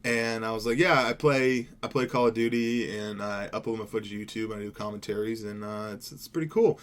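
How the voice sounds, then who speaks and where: A man's voice: lowish voice, fairly quick. A young man from Seattle giving casual gameplay commentary as a gaming YouTuber, rambling and laid-back, swearing now and then. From Seattle, USA.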